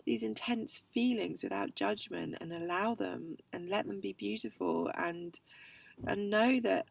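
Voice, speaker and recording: A woman who works as a healer, talking in a reflective spiritual vlog, soft and halting, often sinking to a whisper. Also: mid-range voice, vocal fry, slightly rough, far from the mic, rough recording. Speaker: healer working with clients.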